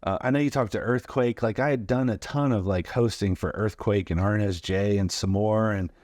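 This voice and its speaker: A man's voice: lowish voice, brisk, no echo. A man in his forties, a comedian guest, telling stories animatedly and acting out the quotes, with plenty of fillers. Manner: animated anecdotes, acts out quotes, lots of fillers. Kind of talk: storytelling interview.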